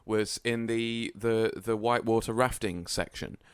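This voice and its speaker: A man's voice: on the low side, fairly even intonation, unhurried, clear, resonant tone, no room sound, clean studio sound. A young man in his twenties co-hosting a podcast, chatting casually and plainly about a film. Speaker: podcast co-host. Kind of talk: casual film review chat.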